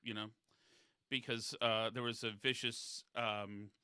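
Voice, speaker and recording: A man with a bright, forceful voice tells loose, wandering stories in a relaxed podcast chat. He is recorded close and dry, with no room sound. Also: mid-range voice, a little slow, clear, resonant tone, no room sound. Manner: digressive, chatty anecdote-telling.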